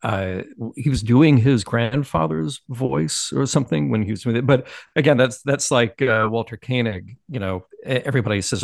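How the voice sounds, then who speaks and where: A man joining a podcast chat who tells thoughtful anecdotes, often pausing and restarting his sentences. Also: mid-range voice, vocal fry, no echo, clean studio sound. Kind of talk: casual chat.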